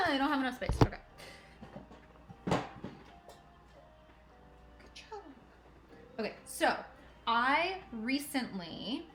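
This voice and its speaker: A woman's voice: fairly high pitch, fairly bright tone. Chatty giggly woman in an echoey room. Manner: chatty, giggly, talks to herself and her cat. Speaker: crafting livestream host. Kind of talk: casual chat while working. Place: home craft room. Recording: echoey room, faint music.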